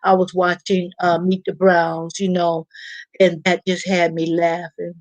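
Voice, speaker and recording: Her voice is fairly low and her delivery flat, a little slow, as she hosts a laid-back live-stream chat. Reading viewer comments aloud, she rambles with frequent fillers and restarts, and the recording is rough with no room sound.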